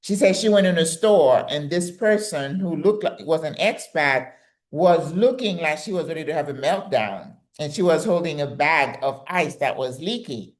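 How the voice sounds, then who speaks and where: A woman's voice: deep voice, expressive, moderate pace. An older woman hosting her channel, giving direct, emphatic, motivational advice.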